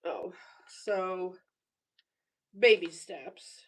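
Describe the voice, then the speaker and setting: A woman's voice: lowish voice, extremely slow, recorded from a distance. A woman in her forties chatting casually on a live stream from her bedroom, teasing viewers and laughing often as she reads their comments. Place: home bedroom.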